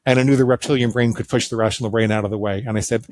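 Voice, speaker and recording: A man's voice: medium pitch, rapid-fire, few pauses, no echo. A middle-aged male psychologist, a guest on an interview show, telling stories with self-deprecating humor. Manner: animated, self-deprecating humor, acts out quoted voices. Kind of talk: conversational storytelling interview.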